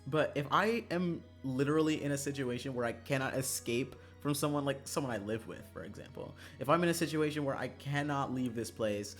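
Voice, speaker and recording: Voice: mid-range voice, a little fast, few pauses, faint music behind. Ranting, swearing game streamer. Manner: animated, swings between loud ranting and quiet mumbling; swears freely, laughs often. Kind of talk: casual chat while playing a visual novel.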